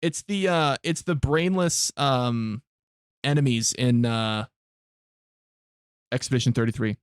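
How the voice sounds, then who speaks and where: A man's voice: mid-range voice, measured pace, smooth, no echo, studio quality. A man streaming a game live, chatting casually with his viewers in blunt, heavily profane rants. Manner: blunt, profane ranting to chat.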